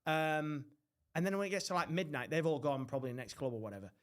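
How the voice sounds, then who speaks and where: Animated lad telling stories. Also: male voice, fairly high pitch, quick pace. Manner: swearing, animated, mimics others. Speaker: podcast host. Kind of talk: casual storytelling chat.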